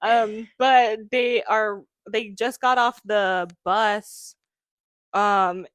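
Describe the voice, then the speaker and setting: A woman's voice: mid-range voice, fairly even intonation, drawn-out words, fairly bright tone, clear, resonant tone, no echo. A young woman co-hosting a podcast, chatting casually and retelling scenes with giggles and lots of fillers. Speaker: podcast co-host. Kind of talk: casual chat.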